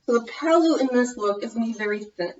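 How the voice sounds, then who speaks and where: A woman with a Minnesotan American accent talks casually through a tutorial, her voice sitting a little high. She rambles, loses her thread and corrects herself mid-sentence. The sound is dull and lo-fi, like a basic home video. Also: lively intonation, quick pace, a little mellow. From United States. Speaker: vlogger.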